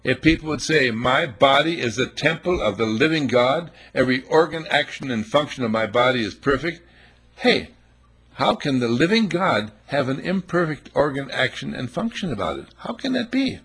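Husky-voiced man preaching. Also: medium pitch, animated, normal speed, fairly bright tone. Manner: emphatic, rhetorical questions, acts out little scenes. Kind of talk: sermon.

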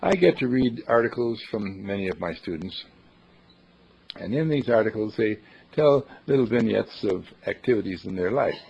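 A man's voice: fairly low pitch, lively intonation, moderate pace, creaky, slightly rough. A man, a university dean, telling a folksy, dramatic story as a thought for the day, on a dull lo-fi recording. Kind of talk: storytelling talk.

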